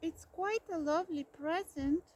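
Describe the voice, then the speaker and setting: A woman voicing a small, clever, eager male mouse in a storybook, coaxing and bright. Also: very high-pitched, a little slow, pitched above the performer's own voice.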